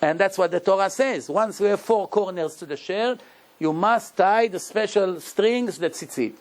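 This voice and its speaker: Middle-aged rabbi, high voice, animated lecture-style storytelling, non-native phrasing. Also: male voice, moderate pace. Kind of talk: Torah lecture.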